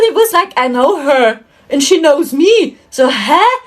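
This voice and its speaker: Giggly high-voiced woman rambling. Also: big pitch swings, a little slow. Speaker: spiritual channel host. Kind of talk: casual monologue about dreams.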